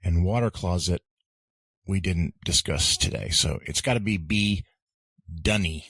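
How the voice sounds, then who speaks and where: A man co-hosting a casual language-lesson podcast, relaxed and jokey. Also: deep voice, a little slow, breathy edge, no room sound. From United States. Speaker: podcast co-host.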